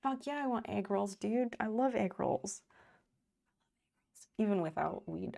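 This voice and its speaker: A woman's voice: medium pitch, steady tone, unhurried, gravelly, dark tone. A woman in her thirties, a live streamer, chatting casually and rambling while she reads her chat aloud and swears freely. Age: 30s.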